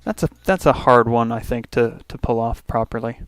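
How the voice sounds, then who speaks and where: Speaking at a middling pitch and normal speed with a clean tone, a Canadian let's play host rambles through his strategy game, thinking aloud, correcting himself mid-sentence, and adding small asides. The sound is dry and close, with no room or echo around the voice, as he keeps up relaxed gameplay commentary.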